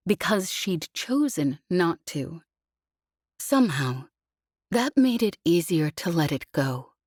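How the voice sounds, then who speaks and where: A woman narrating an audiobook in a measured, even reading. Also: deep voice, no echo, clean studio sound. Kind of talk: scripted narration.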